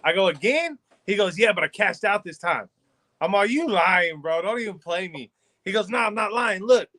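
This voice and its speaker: High-voiced man telling stories. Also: moderate pace. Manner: profane, animated, acts out quotes. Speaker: podcast co-host. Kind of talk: casual storytelling among friends.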